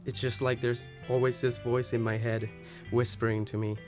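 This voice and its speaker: A man plays a haunted, brooding drifter speaking in film voice-over. His delivery is flat and even, reflective and unhurried, with guitar music clearly heard underneath. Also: medium pitch, natural voice. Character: brooding male wandering drifter.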